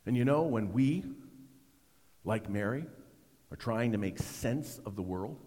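A middle-aged man preaching a sermon, swinging between loud emphasis and hushed, almost whispered lines. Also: lowish voice, lively intonation, measured pace, husky, big-room sound. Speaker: pastor.

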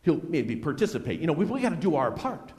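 Male pastor, fairly high voice, animated delivery, preaching in a reverberant hall. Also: fast talker. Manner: earnest, conversational preaching with lively swings in loudness. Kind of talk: sermon.

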